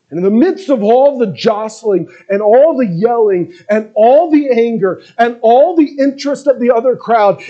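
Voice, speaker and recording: A male preacher with a fairly high, husky voice delivers an earnest sermon. His tone is mellow rather than bright, and he builds steadily in intensity as he tells the story. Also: low-quality recording. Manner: earnest, building in intensity, acts out scripture quotes.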